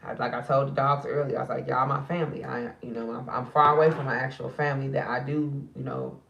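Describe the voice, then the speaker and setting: A tired woman speaks straight to her viewers as if they were her sisters. Her voice is gravelly, and it sits a little away from the phone in an echoey room. The sound is dull and lo-fi. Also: rumbling low, little pitch movement, fast talker, a bit bright, distant mic, slight background noise. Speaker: spiritual card reader and channel host. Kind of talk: casual late-night vlog chat.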